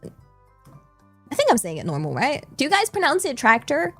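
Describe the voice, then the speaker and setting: A woman's voice: high voice, huge pitch swings, moderate pace, a bit bright, faint music behind. A playful, giggly woman with a West Country English accent, chatting casually with her live-stream audience. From England. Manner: playful, giggly, thanks chat in Japanese.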